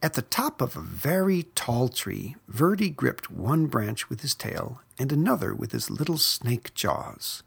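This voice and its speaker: Husky slow storybook read-aloud, lots of gravel in the voice. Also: mid-range voice. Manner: expressive, unhurried. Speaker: narrator.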